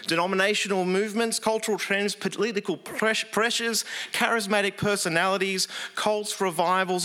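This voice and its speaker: A male preacher with a somewhat high, bright and forceful voice. He delivers his sermon earnestly and conversationally, sprinkling in ums and uhs as he explains.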